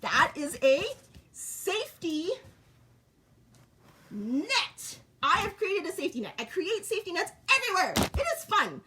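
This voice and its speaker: Woman, middle-aged, high voice, short repetitive statements, casual monologue. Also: sing-song, unhurried, sharp tone, a little hiss or hum. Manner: short, repetitive declarative sentences. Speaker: vlogger.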